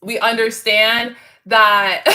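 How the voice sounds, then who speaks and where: Woman, casual livestream host, chatty, laughs a lot, bright tone. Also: fairly high pitch, steady tone, drawn-out words. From Canada. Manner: bubbly, chatty, laughs often. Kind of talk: casual livestream chat with viewers.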